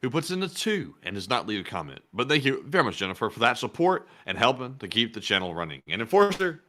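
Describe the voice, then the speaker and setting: A man's voice: medium pitch, very animated, fast talker, sharp tone. A man, co-hosting a live stream, who is unwell and coughing as he reads viewer names and questions aloud. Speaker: co-host.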